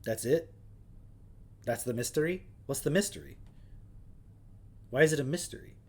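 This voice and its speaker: A man's voice: fairly high pitch, moderate pace. Wry man reading aloud on stream. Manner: wry, sarcastic asides between read passages. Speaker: livestream host. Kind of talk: casual livestream commentary, reading aloud.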